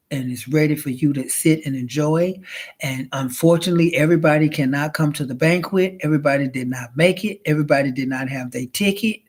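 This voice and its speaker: A woman's voice: low-pitched, a little mellow. Sassy lady rambling on her livestream, drawly, honey this honey that. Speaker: livestream host. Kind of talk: casual comedic livestream chat.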